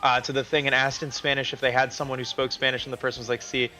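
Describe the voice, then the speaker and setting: A man's voice: mid-range voice, little pitch movement, racing, pushed and bright, soft background music, rough recording. A man chatting casually while cooking on a live stream from his home kitchen, rambling, laughing often and restarting his sentences.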